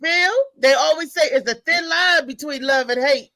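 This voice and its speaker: A woman hosting a live talk show, chatting in a lively, slangy way and laughing often. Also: high voice, normal speed, dry recording, poor audio. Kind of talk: casual live show chat.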